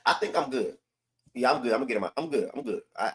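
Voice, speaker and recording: A man's voice: mid-range voice, sing-song, racing, gravelly, rough recording. Fired-up man ranting about a lost game. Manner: frustrated, emphatic, repeats himself, swings loud and soft. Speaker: sports show host. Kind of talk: heated live-stream sports talk.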